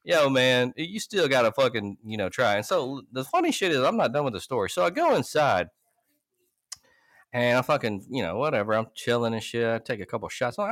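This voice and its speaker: Male podcast co-host, bright and animated, laughs a lot, dry close mic. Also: medium pitch, fairly quick, dry recording. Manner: animated, laughing, loud quoting bursts. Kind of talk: casual profane storytelling.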